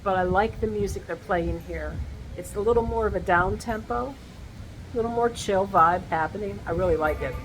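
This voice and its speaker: A woman's voice: medium pitch, moderate pace, rough recording. A woman vlogging cheerfully as she tastes food, talking straight to her viewers. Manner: cheerful, chatty, talks to the viewers. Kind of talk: casual vlog tasting food on camera. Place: restaurant. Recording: restaurant with music playing.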